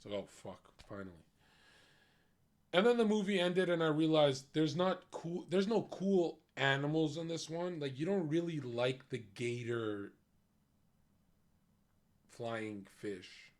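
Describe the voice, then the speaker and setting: A man's voice: fairly high pitch, animated, slow, pauses often. A young man streaming, talking in a blunt, profane, ranting way about a film. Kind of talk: casual chat.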